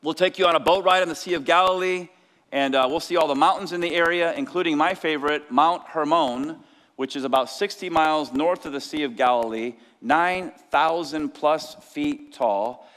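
A male pastor preaching a lively sermon, sometimes shouting out the lines of the people in his story. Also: a little high, normal speed. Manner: energetic preaching, acts out disciples' cries. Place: church sanctuary. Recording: long church hall reverb.

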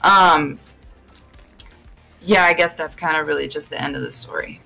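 A woman's voice: low voice, moderate pace, creaky, bright, forceful tone, faint music behind, low-quality recording. A young woman chatting casually as a guest on a live stream podcast, rambling with many fillers and restarts.

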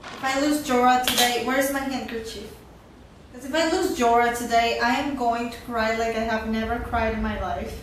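A woman's voice: fairly high pitch, steady tone, moderate pace, a little hiss or hum. A woman giving emotional, swear-laden live reaction commentary as the host of her channel. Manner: emotional, anxious, swears often. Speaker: YouTube reactor. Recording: echoey room, mic far off. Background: loud show soundtrack playing.

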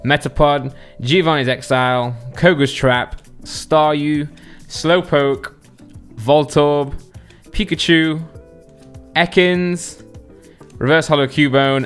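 A man chats casually with viewers while opening card packs, joking and quickly reading out card names as a collector doing unboxing commentary. His voice is on the high side, clean and fairly bright, with faint music behind.

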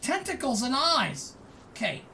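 A woman giving excited, chatty commentary while playing a video game, often exclaiming and laughing. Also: high voice, measured pace, a little hiss or hum. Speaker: gaming let's-player.

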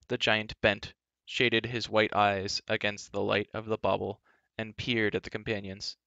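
A man reading a children's book aloud in a gentle, measured storytelling manner. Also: lowish voice, level tone, gravelly, dry recording, lo-fi sound.

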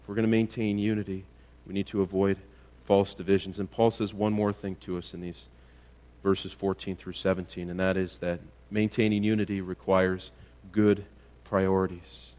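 A man's voice: low-pitched, flat delivery, normal speed, a little mellow. A man preaching in church as pastor, often restarting his sentences and building to emphatic rhetorical questions. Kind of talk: sermon.

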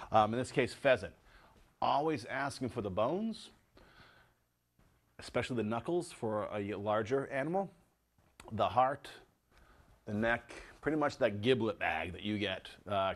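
A man hosting a casual home cooking show, chatting to viewers as he tastes and cooks. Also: mid-range voice. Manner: chatty, tasting food and talking to viewers as folks.

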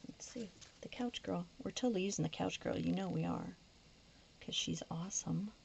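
Her voice is lowish, creaky and a little mellow, moving at normal speed as she chats through a plan-with-me. The planner vlogger whispers often while decorating, and her voice is growing tired, on the verge of going. Faint noise sits under a dull, lo-fi recording.

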